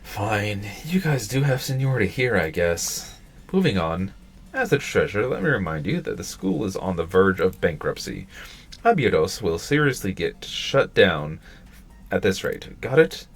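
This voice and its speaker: A man reading aloud in close to his own low voice as a strict, serious schoolgirl treasurer who runs a meeting. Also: sing-song, normal speed, slightly rough, heavily acted. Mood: stern. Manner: firm, exasperated, businesslike.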